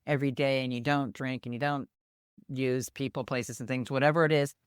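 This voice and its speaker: A woman's voice: very deep voice, fairly quick, smooth, no echo, clean studio sound. An older woman, a podcast co-host, telling a personal story and acting out the voices of the people in it. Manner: animated storyteller who acts out quoted voices.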